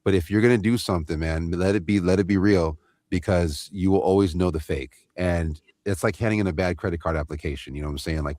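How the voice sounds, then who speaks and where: A man's voice: low-pitched, no room sound. A man from East Los Angeles, a voice actor on a panel, talking in a casual, slangy way with lots of "you know what I'm saying". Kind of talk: panel discussion.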